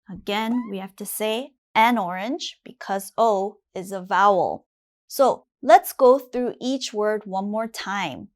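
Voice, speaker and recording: Slow, careful woman teaching English. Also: mid-range voice, expressive. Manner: repeats each word slowly and distinctly for learners. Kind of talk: slow, clear classroom lesson.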